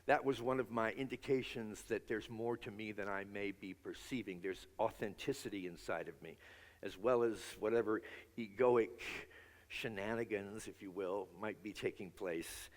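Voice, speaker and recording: A man's voice: on the low side, moderate pace. A man preaching a sermon as minister, earnest, leading his congregation in spoken affirmations. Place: large church sanctuary. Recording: long hall reverb.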